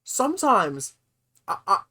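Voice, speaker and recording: With big pitch swings and a measured pace, this host of a comedic reaction channel sounds incredulous and over the top. They alternate between loud outbursts and quiet mutters, laughing and cursing casually along the way.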